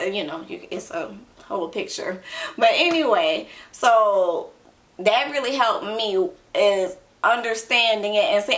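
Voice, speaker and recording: A talkative woman, chatting in a casual vlog from her room at home. Her voice sits a little high and rings crisp and bright. She rambles freely, piling up fillers as she goes. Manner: chatty, loose storytelling with frequent fillers. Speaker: ER nurse and beauty blogger.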